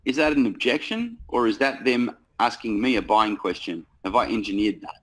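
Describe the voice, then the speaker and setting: Male sales coach, low voice, blunt and sweary, lively delivery. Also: normal speed, rough recording. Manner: blunt, profane, animated. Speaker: sales trainer. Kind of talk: casual coaching talk.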